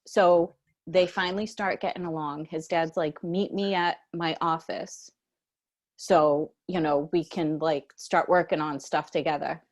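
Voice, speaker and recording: A woman co-hosting a casual chat, telling a story in a slangy, animated way and jumping high in pitch when she quotes herself. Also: a little slow. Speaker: podcast co-host.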